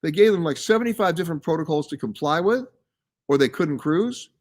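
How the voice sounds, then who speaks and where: A man's voice: on the high side, lively intonation, brisk. A man hosting a live travel show, reading out viewer comments and answering them in a casual, emphatic way. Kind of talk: casual live-stream chat. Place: live from a science center.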